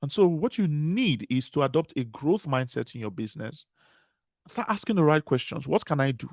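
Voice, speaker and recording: A man's voice: a little high, animated, normal speed, vocal fry, no room sound, clean studio sound. A man giving a motivational conference talk, repeating key phrases with emphatic, preaching cadence. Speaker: conference speaker.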